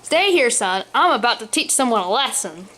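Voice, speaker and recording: A woman's voice: on the high side, sing-song, normal speed, pushed and bright, slight background noise. A woman reading a storybook aloud and voicing a cranky middle-aged man who has been turned into a talking swan. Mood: grumpy. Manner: cranky, complaining.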